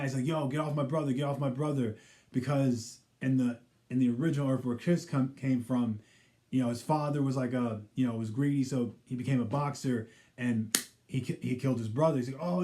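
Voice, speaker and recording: A man with a warm, mellow, mid-pitched voice recapping a TV episode in a loose, rambling way. He keeps saying "you know" and now and then drops into the characters' quoted lines. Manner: rambling, heavy use of "you know" fillers. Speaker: pop culture vlogger.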